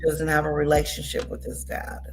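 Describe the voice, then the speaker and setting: A woman's voice: low-pitched, monotone, a little fast, over music. A woman streamer giving gossipy, scornful commentary as she tells the story of a feud.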